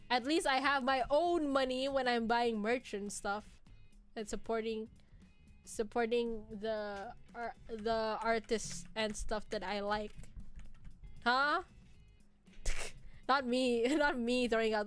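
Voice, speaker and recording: Woman streamer, mid-twenties, higher voice, unhurried delivery, giggly casual chat. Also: a bit bright. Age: 20s. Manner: giggly, laughs often.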